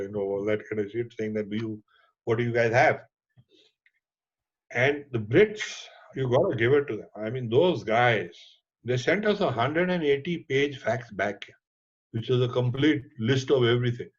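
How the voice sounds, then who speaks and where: A middle-aged Indian documentary filmmaker tells a lively story in conversation, sprinkling in Hindi words and casual swearing. He speaks Indian English at a medium pitch, captured in dull lo-fi audio.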